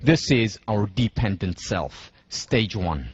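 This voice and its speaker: A man delivers a university lecture in a husky, somewhat breathy voice. He talks deliberately and stresses his points by slowing down. The sound is dry and a little dull, like a muffled classroom recording. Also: lowish voice, lively intonation, dry recording. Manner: walks listeners through scenarios step by step.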